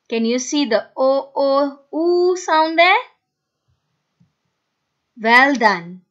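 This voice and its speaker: On a dull, lo-fi recording, a woman with a high, expressive, fairly bright voice speaks extremely slowly and pauses often. She's running a phonics lesson for kids, sounding out each letter in turn, repeating every word and praising the students.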